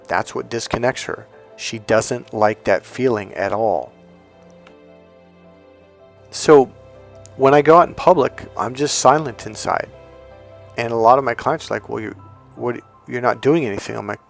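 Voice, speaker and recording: Male dating coach, gravelly tone, emphatic delivery that swings from loud and punchy to slow and hushed. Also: mid-range voice, soft background music. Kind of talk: coaching monologue.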